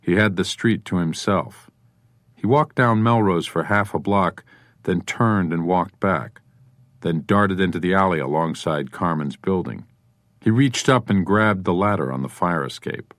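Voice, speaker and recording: A man reads a crime novel aloud in a measured, even delivery. His voice is low-pitched. The studio recording is dry and close, with no room reflections. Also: dry recording. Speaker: audiobook narrator. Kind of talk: scripted narration.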